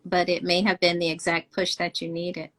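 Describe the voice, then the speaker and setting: A woman's voice: lowish voice, completely flat delivery, normal speed, a bit bright. A woman hosting an interview, mostly giving short reactions and asking follow-up questions. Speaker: host.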